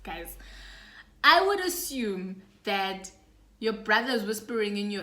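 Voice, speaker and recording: A young woman with a South African accent telling a story in a casual, animated vlog. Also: mid-range voice, slow. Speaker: YouTuber. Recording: echoey room.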